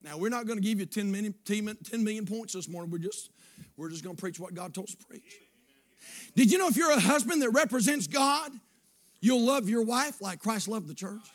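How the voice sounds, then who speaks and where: A male pastor preaching a sermon, building up with shouted, repeated lines. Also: sits high, lively intonation, a little fast. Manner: preaching with shouted emphatic repetitions.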